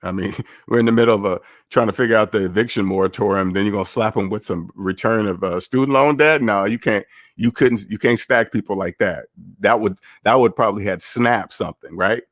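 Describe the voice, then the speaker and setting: A man's voice: on the low side, brisk, a bit bright, no echo, clean studio sound. A man giving casual livestream commentary on personal finance, blunt and sarcastic, repeating his points.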